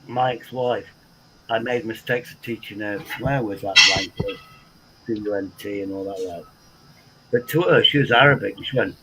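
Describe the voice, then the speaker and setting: A man with an English accent hosting a casual livestream chat, animated and swearing freely with frequent repeats. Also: mid-range voice, normal speed, noisy background. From England. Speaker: livestream host.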